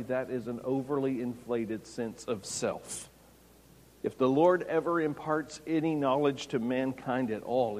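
A man preaching an expository sermon, rising to loud, emphatic peaks. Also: medium pitch. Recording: long hall reverb.

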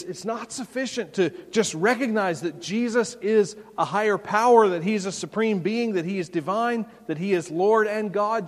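Male pastor, conversational and emphatic sermon, slightly high voice, long hall reverb. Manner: conversational, emphatic preaching with folksy anecdotes.

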